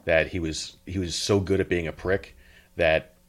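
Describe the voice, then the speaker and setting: Deep-voiced stammering male podcast co-host. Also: fairly even intonation, moderate pace. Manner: stammering, blunt, good-humored. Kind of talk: casual podcast chat.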